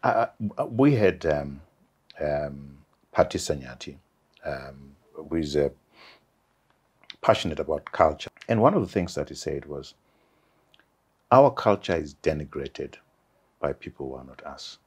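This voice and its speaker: A man hosting an interview, asking questions in a measured, soft manner. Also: very deep voice, expressive, slightly rough. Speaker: interview host. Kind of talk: conversational interview.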